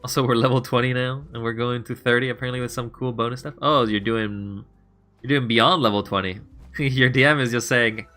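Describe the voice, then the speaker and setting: A man's voice: medium pitch, steady tone, brisk, bright, forceful tone, faint music behind. A man streaming a game, chatting casually with his viewers, rambling and laughing as he plays.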